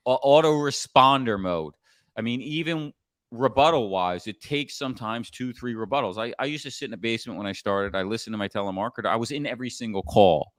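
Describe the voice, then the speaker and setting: A middle-aged man coaching on sales in a casual podcast chat, blunt and animated, sometimes swearing. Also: medium pitch, brisk, no echo, clean studio sound. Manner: blunt, animated storytelling with profanity.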